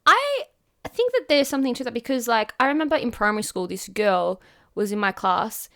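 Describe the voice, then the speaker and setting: High, animated Australian woman. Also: a little fast. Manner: attentive, frequent affirming murmurs. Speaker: podcast co-host. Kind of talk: casual chat.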